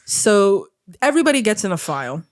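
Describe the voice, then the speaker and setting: A woman's voice: medium pitch, fairly quick. A woman co-hosting a podcast, telling a story in casual chat with lots of laughter. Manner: giggly, animated storytelling with frequent laughter. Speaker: podcast co-host recounting a show.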